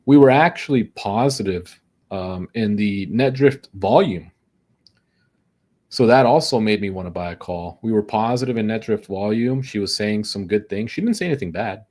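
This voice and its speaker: A young day trader streams live, talking through his trades at a moderate pace in a fairly low, darkish voice. His commentary is frustrated: he keeps muttering and swearing about picking the wrong way, sounding worn down and exasperated as the losses pile up.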